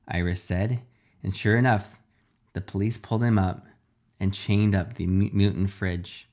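A man narrating a playful, animated first-person adventure story. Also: sits low, moderate pace.

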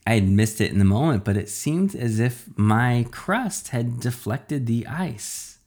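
A man's voice: medium pitch, animated, unhurried, hardly any pauses, darkish tone. A man reading a first-person children's story aloud.

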